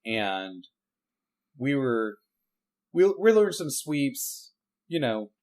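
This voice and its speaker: A man's voice: medium pitch, very animated, very slow, a little mellow. A man co-hosting a casual podcast, laid-back, asking questions and walking through martial arts moves step by step. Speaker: podcast co-host. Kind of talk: casual chat.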